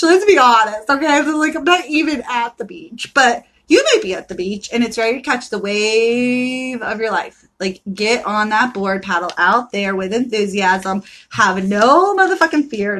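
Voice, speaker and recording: A woman with a somewhat high voice, doing a livestreamed tarot reading. She talks in a loose, brash way, peppered with profanity, and swings into rowdy motivational pep talks. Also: fairly bright tone. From Florida, US. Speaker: tarot card reader. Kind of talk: live-streamed card reading.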